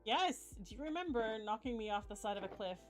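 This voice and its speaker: A woman's voice: fairly high pitch, lively intonation, brisk. Giggly woman gaming with music behind. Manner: giggly, chatty, rambling. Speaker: streamer playing a game. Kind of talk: casual chat while gaming. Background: game music.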